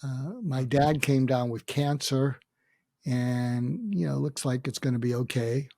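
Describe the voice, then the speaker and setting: An older man, a podcast guest, telling a personal story reflectively, pausing often and quoting what others said. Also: medium pitch, fairly even intonation, vocal fry, mellow, no echo, studio quality. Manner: reflective, with many hesitations and quoted dialogue. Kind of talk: storytelling in a conversation.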